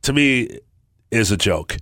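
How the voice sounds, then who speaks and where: A man hosting a sports radio show in casual chat, halting with fillers and restarts. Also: fairly low pitch, expressive, sharp tone, dry recording, clean studio sound. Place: radio studio. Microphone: studio mic.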